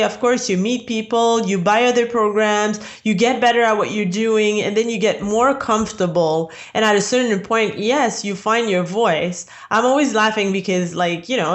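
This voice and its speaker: Woman guest on a podcast, chatty, lots of likes and you knows, laughs easy. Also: medium pitch. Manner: chatty, laughs often, many fillers. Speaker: podcast guest, online business strategist. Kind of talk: casual interview chat.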